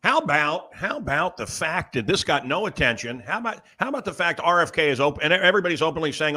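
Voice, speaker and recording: Guy hosting a talk show, bright tense voice, fired up and emphatic, dips quiet then loud again. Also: on the high side, fast talker, few pauses, breathy edge. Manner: animated, emphatic, swings between loud bursts and asides. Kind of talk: excited talk show chat.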